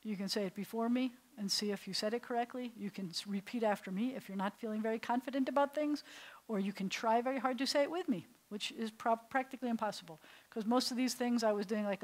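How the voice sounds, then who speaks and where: A middle-aged woman rabbi teaching a beginners' Hebrew class, patient and playful, slowly sounding out syllables for students. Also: mid-range voice, darkish tone, poor audio. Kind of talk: classroom language lesson.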